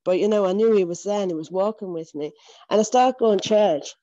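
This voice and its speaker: A woman's voice: mid-range voice, brisk, mellow, no room sound, muffled recording. A woman giving an earnest, emotional personal faith testimony, often repeating herself and laughing between phrases. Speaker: church member giving testimony.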